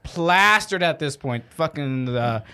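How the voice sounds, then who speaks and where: A man telling stories in a casual podcast chat, animated and acting out quotes as a band member guest. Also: a little high, slow, clean tone. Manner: animated storyteller, acts out quotes.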